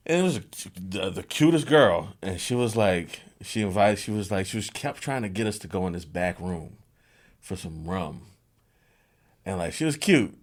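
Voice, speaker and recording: Young jersey guy, low voice, rambling funny story on his podcast. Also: lively intonation, moderate pace. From New Jersey. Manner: rambling, laughing storyteller with restarts. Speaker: podcast host. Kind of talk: casual comedic storytelling.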